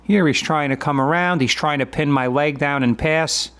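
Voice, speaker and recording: A man in his fifties gives voice-over commentary on his own grappling sparring footage, explaining it in a matter-of-fact, conversational way. His pitch is fairly high, his pace moderate, and his tone fairly bright.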